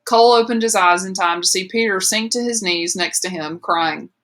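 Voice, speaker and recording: A woman giving a steady, measured audiobook narration of a novel. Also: medium pitch. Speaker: audiobook reader. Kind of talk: scripted narration.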